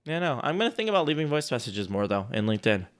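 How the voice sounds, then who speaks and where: A man co-hosting a casual chat, rambling and restarting his sentences, quick to laugh. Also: mid-range voice, big pitch swings. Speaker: co-host reviewing sales outreach.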